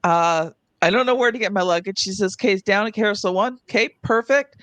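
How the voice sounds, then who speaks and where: A woman's voice: medium pitch, quick pace, a bit bright, no echo. Chatty woman host, dry sound. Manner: chatty, uses many "like" fillers, mimics others. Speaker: podcast host. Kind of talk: casual chat, personal anecdote.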